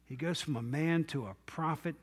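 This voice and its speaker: A middle-aged man delivers a sermon as a pastor, retelling a Bible story with lively storytelling. His voice sits high for a man. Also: normal speed.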